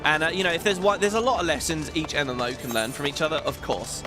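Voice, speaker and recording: A man's voice: fairly high pitch, fast talker. A man hosting a casual gaming video, chatting and rambling as he plays and sometimes laughs. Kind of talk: casual let's-play commentary. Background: game music.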